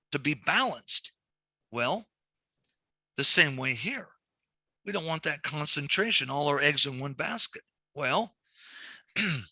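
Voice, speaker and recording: Bright, dry-voiced male instructor. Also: fairly high pitch, dry recording. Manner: animated storytelling with quoted dialogue; explains numbers step by step. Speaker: banking instructor. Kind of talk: recorded training lecture.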